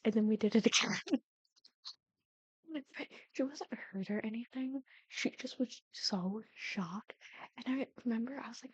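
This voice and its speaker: A young woman in her twenties shares family stories while building in the Sims, chatting casually and often whispering. She speaks at a moderate pace in a slightly high voice with a breathy edge, on a dry, lo-fi recording.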